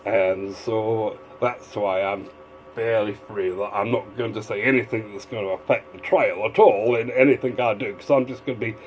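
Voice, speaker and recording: A man's voice: lowish voice, fairly even intonation, normal speed, faint music behind, poor audio. A man giving a casual, rambling video commentary, drifting between asides. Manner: rambling, digressive, full of fillers and restarts. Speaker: vlogger.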